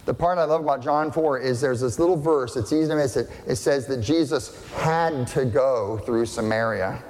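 A man's voice: medium pitch, moderate pace, darkish tone, in a large hall, slight background noise. A male pastor preaching a sermon in a conversational, emphatic way, asking rhetorical questions.

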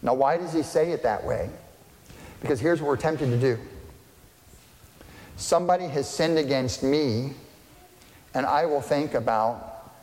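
A man's voice: medium pitch, measured pace, long pauses, darkish tone. A male pastor giving a sermon in a conversational way, putting questions to the congregation and adding dry humorous asides. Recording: long reverb of a large room.

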